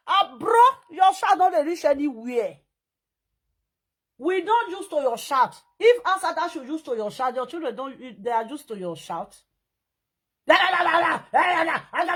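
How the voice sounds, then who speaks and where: A woman with a Nigerian Pidgin accent giving an animated, scolding commentary rant. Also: sits high. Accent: Nigerian Pidgin English. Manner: scolding, animated, mimics and sing-songs.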